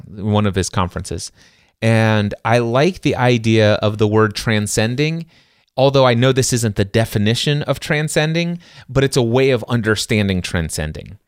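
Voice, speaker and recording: A man's voice: on the low side, smooth, no room sound. Earnest middle-aged man, dry close sound. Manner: earnest, conversational, frequent restarts and rhetorical questions. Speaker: podcast co-host reviewing a self-help book. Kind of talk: casual faith-based self-help discussion.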